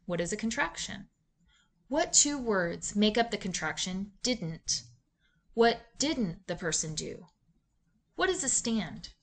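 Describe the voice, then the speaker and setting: Measured woman reading teacher. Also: medium pitch. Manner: clear, measured teacher delivery with questions to students. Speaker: reading instructor. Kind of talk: scripted instructional narration.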